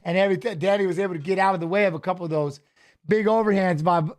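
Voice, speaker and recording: A middle-aged man hosting a fight watch-along, chatting casually and coaching the fighters aloud with excited calls. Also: high-pitched, very fast. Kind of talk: casual live fight commentary.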